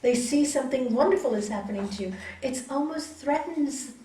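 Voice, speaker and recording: Animated high-voiced woman teaching in echoey hall. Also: fairly quick. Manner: animated, acting out what others say in stories. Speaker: raja yoga teacher. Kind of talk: teaching a spiritual course to a small group. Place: yoga hall, indoors. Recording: echoey hall, mic far off, faint hiss.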